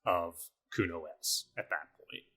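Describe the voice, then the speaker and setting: A man's voice: low-pitched, measured pace, a bit bright, slightly rough. A man co-hosting a podcast, casually recapping his video game playthrough in a rambling way, full of fillers. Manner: rambling, filler-heavy storytelling. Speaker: podcast co-host.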